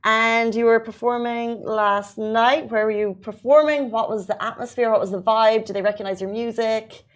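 A woman's voice: fairly high pitch, steady tone, moderate pace. A woman hosting a talk show, bubbly and teasing, laughing often in casual chat. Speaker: show host.

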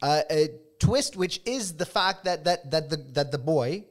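A man's voice: fairly high pitch, lively intonation, a little slow. A man co-hosting a podcast, earnestly defending a film, often restarting his sentences. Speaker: podcast co-host. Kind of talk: casual comedic debate.

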